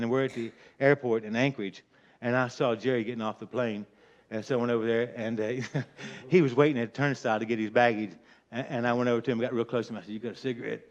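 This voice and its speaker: An older man tells a rambling, folksy anecdote, hurrying from one detail to the next. He chuckles at his own mischief as he goes. The recording is dull and lo-fi, with the top end rolled off. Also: medium pitch. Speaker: storyteller. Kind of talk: casual spoken anecdote.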